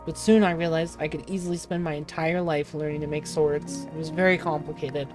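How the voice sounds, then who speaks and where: A woman reading the lines of a driven young woman fighter in a game, in an earnest, measured voice. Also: low-pitched, fairly even intonation, darkish tone, faint music behind, natural voice. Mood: solemn.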